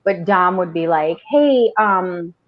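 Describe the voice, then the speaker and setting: A woman's voice: fairly low pitch, lively intonation, slow pace. A middle-aged woman co-hosting a podcast, bantering in a playful, bawdy way with bursts of laughter. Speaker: podcast co-host. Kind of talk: casual podcast chat. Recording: dull lo-fi recording.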